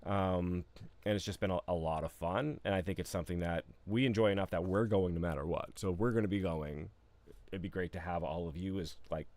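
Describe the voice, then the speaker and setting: A man's voice: sits low, fairly even intonation, brisk, a little mellow. A man co-hosting a live stream, chatting casually and loosely with lots of fillers and restarts. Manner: laid-back, rambling with many fillers and restarts.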